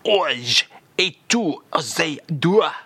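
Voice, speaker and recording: A man voicing a suave, wistful middle-aged Frenchman with a mock French accent, speaking in a slow, dreamy, low croon for a comedy radio sketch. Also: expressive, pushed and bright, slight background noise, exaggerated voice.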